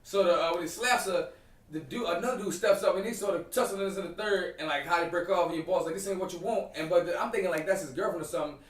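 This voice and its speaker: Guy rattling off a story on a podcast, kinda high voice, far from the mic, roomy echo. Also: fast talker. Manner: animated storyteller, acts out quotes in voices. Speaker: podcast co-host. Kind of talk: casual chat.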